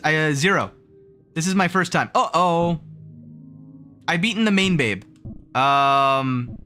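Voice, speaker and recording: Young man, gaming streamer, animated pitch, bright tone, chatty and self-mocking, faint music behind. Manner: chatty and self-mocking, laughs often, reads chat aloud; counts jump timing aloud in a rhythmic sing-song. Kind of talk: casual gaming livestream chat.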